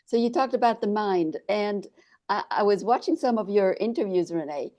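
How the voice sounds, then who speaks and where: A woman's voice: mid-range voice, expressive, moderate pace, darkish tone. A woman hosting an interview, asking curious questions and prompting her guests to go on. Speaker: interview host. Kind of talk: casual interview conversation.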